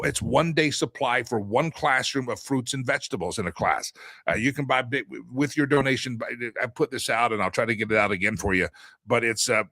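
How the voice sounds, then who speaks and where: A middle-aged man hosts his own talk show and makes a long, earnest appeal for charity. He talks in a rambling, folksy way that turns preacher-like, and his tone is bright and forceful. The recording is dry and close to the mic. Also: medium pitch, no room sound. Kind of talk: casual appeal for charity donations.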